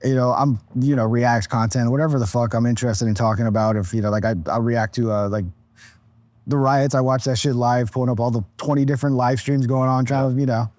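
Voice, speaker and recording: A man's voice: medium pitch, fairly even intonation, fairly quick, darkish tone, no echo. A tired man in his thirties, a podcast guest, chatting casually in a rambling, laid-back way with plenty of swearing and restarts. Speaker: podcast guest, content creator.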